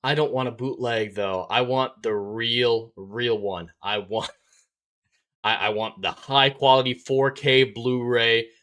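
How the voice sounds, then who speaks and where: A man's voice: mid-range voice, slow, fairly bright tone. A man hosting a live stream, chatting casually, reading out viewer comments and laughing often.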